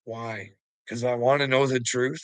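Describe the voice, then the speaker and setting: A man's voice: medium pitch, steady tone, measured pace, smooth, no room sound, low-quality recording. A man delivering a profane, taunting rant to the camera, often breaking into laughter. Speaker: online commentator. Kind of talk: ranting monologue to camera.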